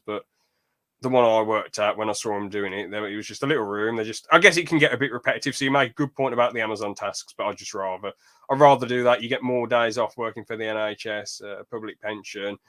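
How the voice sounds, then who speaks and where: A man hosting a podcast in casual, rambling chat, getting animated when he tells a story. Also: lowish voice, fast. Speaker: podcast host.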